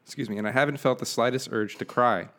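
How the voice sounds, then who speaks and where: A man's voice: mid-range voice, fast, a bit bright. A young adult man co-hosting a podcast, talking candidly in loose casual chat and laughing easily. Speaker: podcast co-host.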